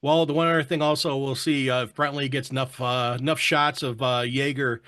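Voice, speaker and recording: A man's voice: mid-range voice, steady tone, fairly quick, sharp tone. A man hosting a casual online roundtable, chatting and greeting viewers from the chat. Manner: chatty, reads viewer comments aloud. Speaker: show host.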